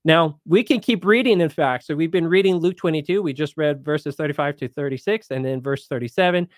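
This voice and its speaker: A man's voice: a little high, a little fast, no room sound, clean studio sound. A man hosting a live Bible question show, explaining verses in a casual, conversational way and paraphrasing scripture in everyday speech. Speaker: Bible teacher host.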